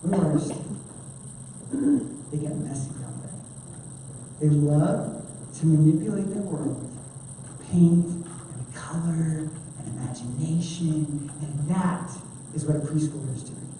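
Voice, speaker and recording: A woman giving an animated conference training talk to children's ministry volunteers, chatty and full of fillers. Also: low-pitched, a little slow, long pauses, noisy background. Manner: chatty, animated, many fillers, acts out quotes. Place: large church hall. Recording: echoey hall from far off.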